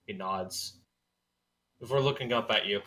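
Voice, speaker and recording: A man narrating as game master of a tabletop role-playing game in an unhurried, descriptive way. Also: on the low side, sharp tone.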